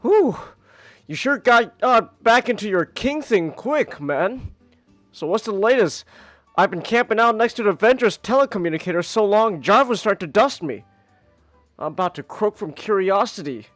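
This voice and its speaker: A man voicing a brash, excitable young sidekick, reading comic lines loudly and eagerly. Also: high-pitched, normal speed, dry recording, faint music behind, voice pushed up. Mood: excited. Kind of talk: reading comics aloud on stream.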